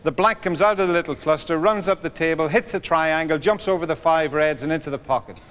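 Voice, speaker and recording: Bright-voiced joking Irish man. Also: a little high, brisk, a little hiss or hum, low-quality recording. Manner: chatty, joking, teasing the audience. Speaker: comedian and snooker entertainer. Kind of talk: stand-up jokes between trick shots. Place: venue with a live audience.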